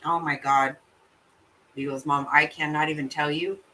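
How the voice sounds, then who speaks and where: Reacting to viewer comments, a livestream host talks casually in a bright, sharp voice that still sits low, keeping a level tone. She's blunt, swears readily, and laughs often. Since she's a little back from the mic, she sounds slightly far off.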